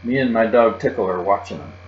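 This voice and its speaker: Low-voiced man reading a children's book. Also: animated, fast. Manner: storytelling, childlike first-person. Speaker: audiobook reader. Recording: roomy, dull, with mains hum.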